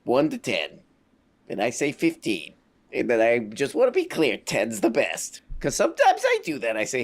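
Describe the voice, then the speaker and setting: A man's voice: medium pitch, wildly swooping pitch, normal speed, vocal fry. A man doing casual live-stream commentary over clips, sarcastic and rambling, with a mocking tone.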